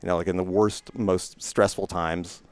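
A man's voice: deep voice, steady tone, normal speed, clear, resonant tone. A middle-aged man, a retired racing driver, telling stories as a guest in a casual interview, rambling with many fillers and restarts.

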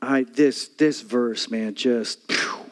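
An older man preaching a sermon as a pastor, passionate, moving between soft storytelling and loud repeated declarations. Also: medium pitch, slow pace.

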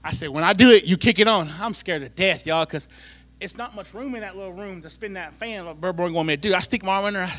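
A middle-aged man tells a lively personal testimony, repeating phrases for comic effect. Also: high-pitched, fast. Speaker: church member giving testimony.

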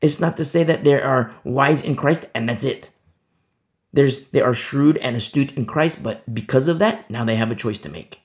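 A man delivers a sermon in a gravelly voice of middling pitch. He presses his points with rhetorical questions, rising to loud emphasis and then dropping to a hush. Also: normal speed. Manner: swings between loud and hushed. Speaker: preacher.

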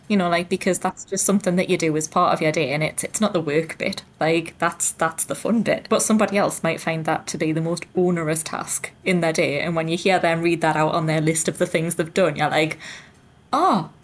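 Thoughtful woman host, low voice. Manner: reflective and conversational, with many fillers like "like" and "I suppose". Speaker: podcast host. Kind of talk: casual interview chat.

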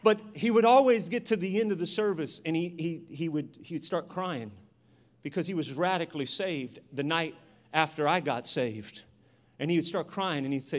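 Middle-aged male pastor, high-pitched, preaches in surges from hush to shout. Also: normal speed. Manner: swings from quiet storytelling to shouted exhortation. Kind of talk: sermon.

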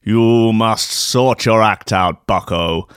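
A portentous ghost speaks in a deep, dragging drawl, put on by a man. Each word is stretched out slowly and gravely, like a spooky warning, in a dry, close recording. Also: dry recording. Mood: ominous. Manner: slow, grave, portentous delivery. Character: solemn ghost of old memes, warning sleeper.

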